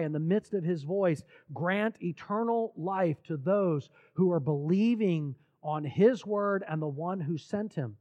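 A man preaching a sermon, retelling scripture stories earnestly with repeated words and dramatic pauses. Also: high-pitched, a little mellow. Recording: dull lo-fi recording.

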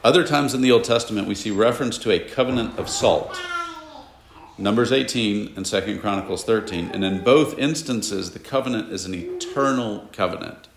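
A man teaches a Bible lesson to a class, explaining as he goes and stopping to put questions to the students. His voice sits low with a gravelly edge. The sound carries the echo of a classroom. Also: moderate pace, background noise. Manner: explanatory, asks the class questions, casual asides. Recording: echoey room.

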